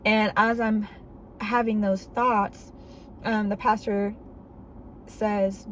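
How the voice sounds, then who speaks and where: A woman's voice: medium pitch, level tone, slow, long pauses, slight background noise, low-quality recording. Earnest woman sharing her faith story. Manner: earnest, candid, conversational with fillers. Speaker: faith vlogger. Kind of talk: personal testimony storytelling.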